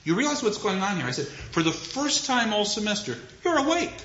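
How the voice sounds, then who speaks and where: A man's voice: sits high, fairly quick. A man lecturing on literature, telling a classroom story and acting out his students. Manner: animated storyteller, acts out students. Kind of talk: lecture with anecdote. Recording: echoey lecture hall, dull noisy audio.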